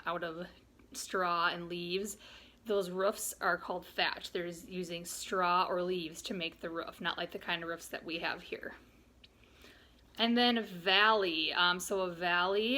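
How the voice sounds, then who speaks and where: A woman's voice: mid-range voice, fairly bright tone. A woman, a young adult teacher explaining vocabulary and spelling patiently to young students in a remote lesson. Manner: patient, explains slowly with examples. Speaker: third grade teacher.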